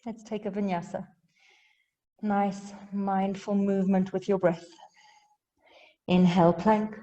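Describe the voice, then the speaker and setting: A woman teaching a yoga class, giving calm cues with light humor and sounding a little out of breath. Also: medium pitch, slow pace, in a large hall, muffled recording. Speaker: yoga instructor.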